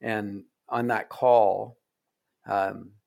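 Male author guest, low and gravelly, earnest and reflective. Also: flat delivery, very slow, darkish tone. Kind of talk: reflective conversation. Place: Oregon.

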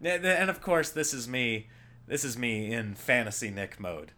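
A man, a comedian, rambling casually through his own show, voice lowered by a cold, chatty and jokey, laughing at his own bits. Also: animated, moderate pace, bright, forceful tone.

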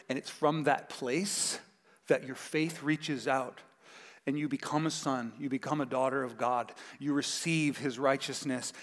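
A man preaching a sermon as pastor, telling a Bible story with animated acted-out voices. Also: mid-range voice. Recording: long hall reverb.

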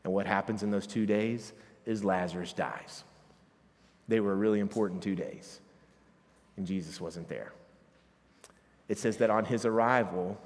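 Male pastor, low voice, conversational Bible teaching with emphatic peaks, reverberant church hall. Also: darkish tone. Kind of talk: sermon.

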